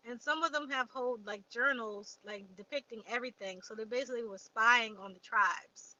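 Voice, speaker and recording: Woman livestream host, fairly high and bright, chatty, answers viewer comments; dull lo-fi stream audio. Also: moderate pace, hardly any pauses, slight background noise. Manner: chatty, reads viewer comments aloud and replies. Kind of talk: casual live chat.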